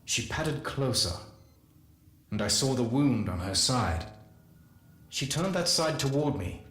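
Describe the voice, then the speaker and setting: A man giving a dramatic first-person story reading, slow and measured with deliberate pauses. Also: mid-range voice, expressive, a bit bright. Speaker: lore reader. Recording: echoey room.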